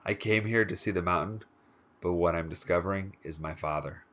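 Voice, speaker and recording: A man voicing a calm, composed teenage boy who speaks in a measured, reflective way. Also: low voice, lo-fi sound.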